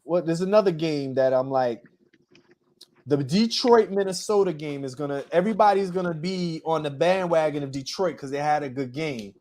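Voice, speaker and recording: A man co-hosting a sports podcast chats casually about football picks, rambling, often restarting his sentences and trailing off with ums. His voice is fairly high in pitch with a darkish tone, and he talks at a normal speed.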